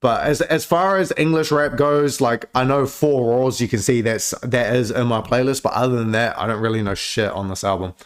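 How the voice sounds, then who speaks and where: A man's voice: mid-range voice, normal speed, few pauses. Laid-back profane man reacting to music. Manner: laid-back, profane, chatty with filler words. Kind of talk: casual reaction commentary.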